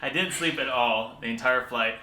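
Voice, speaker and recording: A man's voice: medium pitch, moderate pace. A young man telling travel stories in casual, jokey chat, laughing often. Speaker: travel vlogger. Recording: echoey room, faint background noise.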